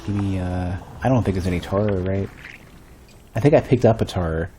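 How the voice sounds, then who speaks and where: A man's voice: sits low, fairly quick, dark tone, soft background music. A man streaming a game, thinking aloud and rambling in a casual, self-mocking way. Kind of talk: casual gameplay commentary.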